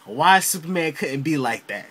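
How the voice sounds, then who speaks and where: An excitable man reviews a game as if he were telling it to friends, swearing freely and acting out his own reactions as he goes. His voice sits high for a man and has a bright, sharp edge. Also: normal speed. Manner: animated storyteller, heavy slang and swearing, acts out his reactions. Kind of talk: casual, profane video review.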